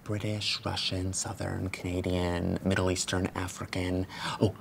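A woman's voice: extremely low pitch, flat delivery, unhurried, gravelly, a little hiss or hum, exaggerated voice. A woman playing a veteran telemarketer who gossips in whispered asides, in a comedy audio drama. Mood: gossipy. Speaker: veteran telemarketer mentoring a new hire.

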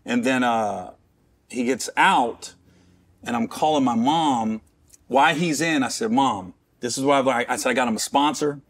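This is a middle-aged man from Cincinnati, Ohio, a comedian guest with an unhurried, mid-range voice. He shares a personal story frankly, wandering along with restarts and wry jabs at himself.

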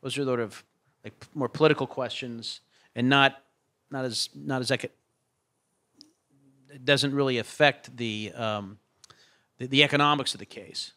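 A man on a faculty panel answering audience questions, pausing and searching for his words. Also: mid-range voice, fairly even intonation, pushed and bright. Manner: halting, searches for words mid-sentence. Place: lecture room at an institute.

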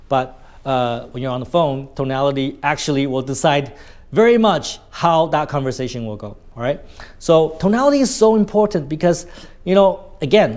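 A communication coach with a Vietnamese accent teaches a spoken lesson on tone of voice, stretching key words for emphasis and tagging many sentences with "right?". His voice is a little high with a darkish tone.

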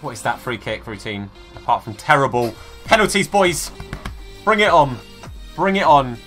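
A young man streaming a football game live, shouting at the match and chatting casually with his viewers. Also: medium pitch, normal speed, faint music behind. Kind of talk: live gameplay commentary.

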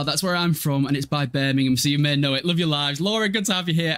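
A man's voice: fairly high pitch, brisk, a bit bright. A man in his twenties casually commentating a life-sim game live, chatty, swearing freely and answering chat. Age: 20s. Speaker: game streamer.

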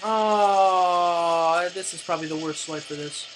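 A woman giving gameplay commentary as a let's play host, getting excitable, cursing and yelling at the game. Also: low-pitched, fast, a little hiss or hum, low-quality recording. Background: game music.

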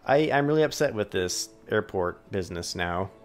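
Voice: low-pitched, expressive, moderate pace. A let's play host doing gaming commentary, ranting at the game and talking to it as if it were a person.

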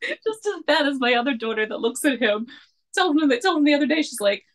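A woman's voice: sits high, very animated, fast talker. A woman in her forties co-hosting a casual chat show, rambling and joking with frequent laughs. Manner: rambling, joking, self-deprecating, laughs often. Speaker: podcast co-host.

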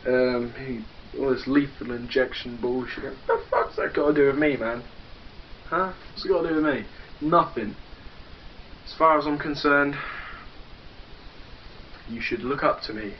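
A man's voice: mid-range voice, measured pace, long pauses. A young English man cutting a boastful, profane wrestling promo and taunting a rival. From England. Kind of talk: trash-talking wrestling promo. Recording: dull lo-fi home video with faint noise.

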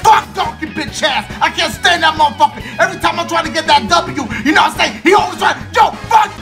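A man giving profane game commentary, loud and excitable, swinging between shouts and low mutters. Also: fast. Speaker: gaming YouTuber. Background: game music.

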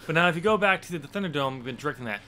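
A man's voice: fairly high pitch, expressive, very fast, sharp tone. A man co-hosting a wrestling podcast, talking casually and rambling with many fillers and restarts. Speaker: podcast co-host.

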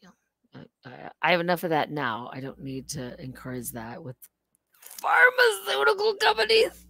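A woman's voice: lowish voice, very animated, normal speed, creaky, bright, forceful tone, no echo. A woman hosting a casual livestream, rambling and laughing at herself. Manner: rambling, self-mocking, laughs often. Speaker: livestream host.

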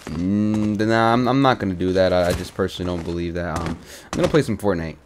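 A man's voice: low voice, quick pace, a little hiss or hum. A man chatting casually while playing a comic game role-play, rambling in slang with lots of fillers. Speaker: gaming content creator.

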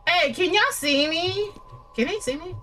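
A woman's voice: very high voice, lively intonation, measured pace, pushed and bright, a little hiss or hum. A woman giving casual, chatty commentary while streaming a horror shooter, talking back to the game and her friends.

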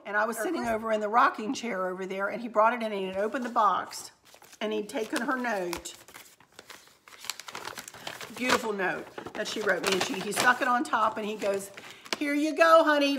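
A woman's voice: fairly high pitch, normal speed, background noise. A middle-aged woman, chatting in a rambling, folksy way as host of a craft vlog. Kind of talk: casual haul vlog chat.

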